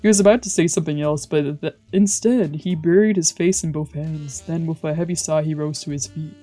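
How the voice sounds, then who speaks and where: A VTuber narrating a visual novel aloud in an animated, reactive way. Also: mid-range voice, a little fast, soft background music. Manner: animated, reacting with loud outbursts then narrating. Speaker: streamer, VTuber.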